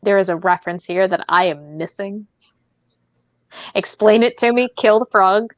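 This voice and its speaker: A woman hosts a relaxed podcast chat, wandering between thoughts with plenty of ums and easy laughter. Her voice sits at an ordinary pitch, and the sound is dull and dry. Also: normal speed, no echo. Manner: rambling, laughs often, many fillers. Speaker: podcast host.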